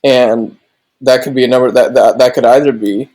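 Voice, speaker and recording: A man's voice: mid-range voice, steady tone, normal speed, darkish tone, rough recording. A man co-hosting a casual sports podcast, joking and rambling with frequent restarts and laughs. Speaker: podcast co-host.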